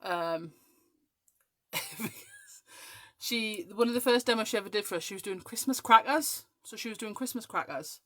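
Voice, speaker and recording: A chatty woman in her forties with a mostly English accent and a faint west of Scotland twang, talking in a medium-pitched voice. She hosts a crafting show and rambles casually as she works, dropping in plenty of ums. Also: moderate pace, pauses often. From west coast of Scotland. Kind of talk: casual chat while crafting.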